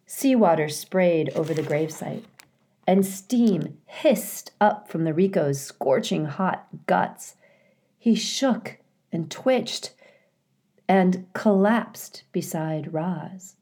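Slow, low-voiced woman reading a story. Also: expressive, dark tone, husky. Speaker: reader. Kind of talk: children's novel read-aloud.

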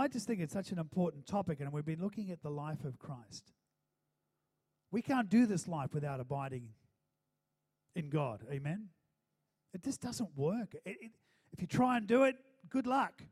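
A male pastor speaking to his congregation in a church, moving between a loose, chatty sermon and prayer. His voice sits slightly high for a man but sounds dark and mellow. He keeps checking in with the room with a questioning "amen?". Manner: conversational preaching, frequent calls of "amen?", fillers and restarts.

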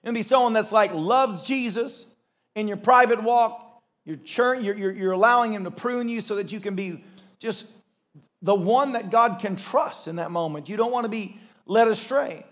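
High-voiced man preaching a sermon. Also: normal speed. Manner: animated storytelling with acted-out voices and laughter. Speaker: pastor.

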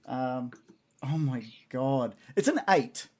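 A man narrating a tabletop game as game master, excitable and quick to laugh. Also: medium pitch.

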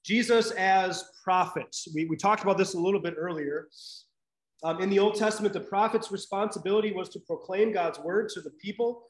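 A man's voice: high-pitched, a little fast, reverberant, rough recording. A man teaching a live Bible class in a conversational way, checking in with "right?" and using many fillers.

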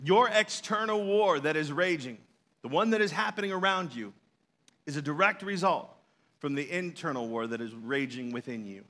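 Guy preaching, kinda high voice, casual storytelling vibe, jokes with the crowd. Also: lively intonation, normal speed, bright, forceful tone. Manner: storytelling, conversational, with playful asides to the congregation. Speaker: pastor. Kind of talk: sermon.

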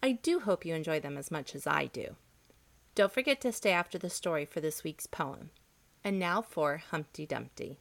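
A woman hosting a reading show, narrating a children's story in a gentle, expressive way. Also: low-pitched, moderate pace, creaky. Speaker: storybook reader, host.

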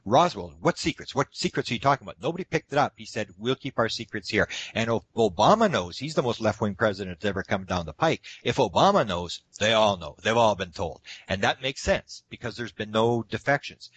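A man telling anecdotes in a casual interview, animated and acting out the quotes. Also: fairly low pitch, brisk, hardly any pauses, breathy edge, no echo, muffled recording. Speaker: guest speaker on UFO topics.

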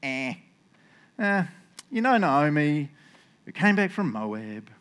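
A man's voice: on the high side, very animated, drawn-out words, darkish tone, smooth, heavily acted. A man putting on a sly, shrugging old-time bargainer. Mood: offhand. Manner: mumbling, shrugging, dismissive. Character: ancient man, offhand and sly, downplaying a land deal.

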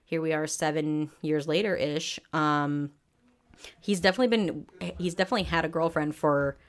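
A woman's voice: low voice, fairly even intonation, normal speed. A young adult woman co-hosting a podcast, telling stories in a frank, wry, chatty way. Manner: chatty storyteller, frank and wry, with many fillers. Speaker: podcast co-host. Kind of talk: casual chat.

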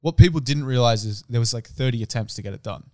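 A man's voice: mid-range voice, quick pace, warm tone, no room sound. Young man, dry close sound. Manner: swears freely, loose slangy storytelling. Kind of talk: casual chat.

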